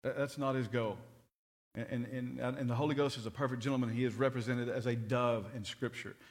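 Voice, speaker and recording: A man's voice: mid-range voice, fairly even intonation, fairly quick. A middle-aged man preaching a sermon, telling stories earnestly and often repeating his words.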